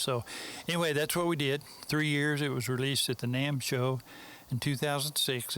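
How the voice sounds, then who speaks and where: A Texan mastering engineer, appearing as an interview guest, spins a long story in a relaxed, folksy manner. He rambles and leans on fillers such as "so anyway," and his voice sits at an ordinary middle pitch for a man.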